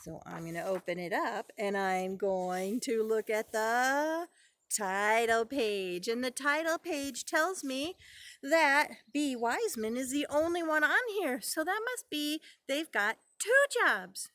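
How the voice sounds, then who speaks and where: A woman's voice: on the high side, animated, slow pace, fairly bright tone. A woman preschool teacher reading a picture book aloud to young children, sing-song and encouraging, repeating phrases for them.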